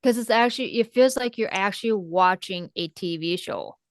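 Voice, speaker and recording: Brief: young female podcast co-host, smooth clear tone, dry close mic, relaxed chat. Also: mid-range voice, normal speed, no echo. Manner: relaxed, chatty, with filler words. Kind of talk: casual horror movie chat.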